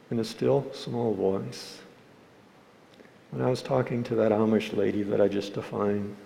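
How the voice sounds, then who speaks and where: A male pastor preaches in a church, his dark, mellow voice carrying some gravel. He acts out sharp, scolding voices, then drops into quiet, tender speech, with a long reverb trailing each phrase. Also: mid-range voice. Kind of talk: sermon. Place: church sanctuary.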